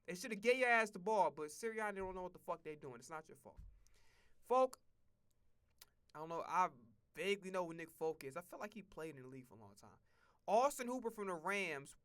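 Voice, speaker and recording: Cussing sports streamer guy, rambles and gets all fired up, bright sharp voice. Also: sits high, a little fast, clear, resonant tone. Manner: profane, rambling, excitable. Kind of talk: casual sports commentary stream.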